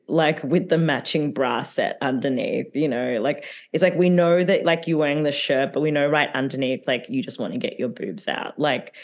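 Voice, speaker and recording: A woman's voice: low-pitched, a little mellow. A woman, co-hosting a podcast and chatting casually about reality TV, full of fillers and laughs. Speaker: podcast co-host. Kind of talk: casual chat recapping reality TV.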